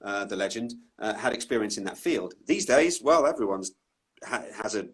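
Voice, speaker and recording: Husky-voiced man in easy conversation. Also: on the low side, lively intonation, moderate pace. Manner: thoughtful, self-deprecating, trailing restarts. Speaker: voice-over artist, guest. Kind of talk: relaxed conversational interview. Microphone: online live video call.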